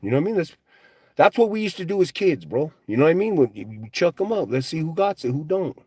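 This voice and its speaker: A man's voice: a little high, big pitch swings, quick pace, darkish tone, slightly rough, dry recording. A man hosting a casual livestream, ranting with profane, mocking trash talk while driving. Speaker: livestream host. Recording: street and car noise behind.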